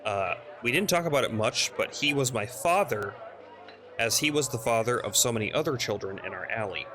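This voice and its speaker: A man's voice: mid-range voice, lively intonation, fairly quick, background noise, lightly acted. A man reading the lines of a male thief character telling his backstory in a plain, dry storytelling voice. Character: male street thief recounting a grim childhood.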